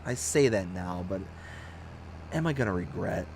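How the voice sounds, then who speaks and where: A man in his thirties telling stories on a casual live game stream, animated and self-mocking. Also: sits low, normal speed, gravelly, background noise.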